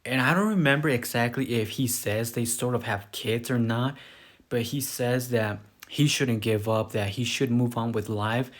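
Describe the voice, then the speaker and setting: A man's voice: mid-range voice, normal speed. A man casually recapping a film plot in a loose, rambling way, full of fillers. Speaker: movie reviewer. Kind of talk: casual spoken movie recap.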